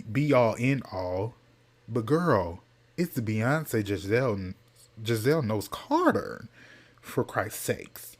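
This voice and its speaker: A man hosting a podcast, ranting in a sassy, dramatic way and repeating points for emphasis. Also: mid-range voice. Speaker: podcast host. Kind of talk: casual solo rant.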